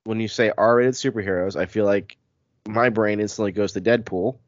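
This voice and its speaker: A man's voice: lowish voice, fairly even intonation, no echo, lo-fi sound. A man hosting a casual podcast chat, sounding congested from a cold, talkative and self-deprecating. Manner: chatty, self-deprecating, quick asides. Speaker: podcast host.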